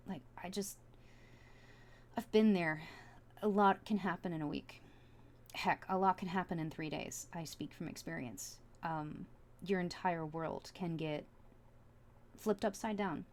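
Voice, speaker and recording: A woman giving a casual tarot reading, chatty and earnest, full of fillers and restarts, soft and heartfelt. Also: lowish voice, slight background noise. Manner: soft and heartfelt, at times emotional. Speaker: tarot reader.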